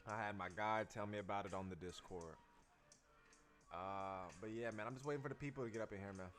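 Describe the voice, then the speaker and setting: A man's voice: on the low side, brisk, fairly bright tone. A man hosting a casual livestream as a dance teacher, talking loosely in slang to his viewers and repeating his phrases.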